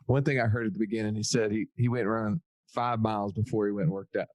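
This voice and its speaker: A man's voice: fairly low pitch, fairly even intonation, quick pace, darkish tone, no room sound. Dry-sounding male podcast host. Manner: curious questioner, laughs easily. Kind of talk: conversational interview.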